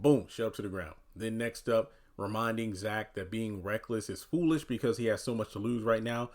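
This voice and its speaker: A man's voice: fairly low pitch, normal speed. A man giving casual commentary on a TV episode, talking loosely with lots of "you know" and "uh". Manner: animated voicing of quoted characters. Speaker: TV recap commentator.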